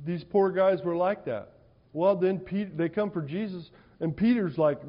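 A male preacher delivering a sermon in an animated, conversational storytelling way in a church hall. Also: sits high, a little slow. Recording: dull, reverberant hall sound.

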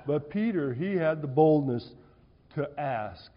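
A male preacher delivering a sermon in an animated, conversational storytelling way in a church hall. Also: a little high, slow pace, pauses often. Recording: dull, reverberant hall sound.

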